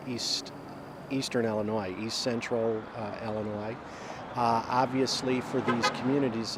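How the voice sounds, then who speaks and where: A man giving an interview, speaking haltingly with frequent filler sounds. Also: lowish voice. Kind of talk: outdoor interview. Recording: outdoor traffic noise behind.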